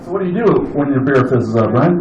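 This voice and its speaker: A man's voice: medium pitch, lively intonation, fast, darkish tone, echoey room, lo-fi sound. A man doing open mic stand-up, telling a rambling, profane camping story. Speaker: stand-up comedian.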